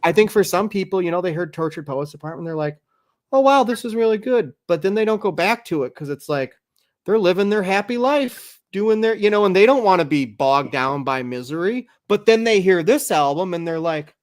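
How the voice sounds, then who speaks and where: Animated, swearing podcast host. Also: male voice, a little fast. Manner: animated, swears freely, rises high when excited. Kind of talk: casual chat.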